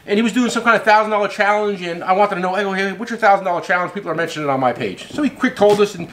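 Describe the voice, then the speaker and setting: A man's voice: sits high, racing, slight background noise. A middle-aged man hosting his own show, telling a long story in a loose, rambling way and swearing casually. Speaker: host and tool company owner.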